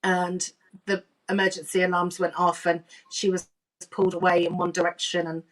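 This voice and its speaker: A woman's voice: lowish voice, completely flat delivery, normal speed, recorded from a distance, slight background noise. Earnest woman telling a personal story. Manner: earnest, emotional, acts out remembered dialogue. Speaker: medium and intuitive coach.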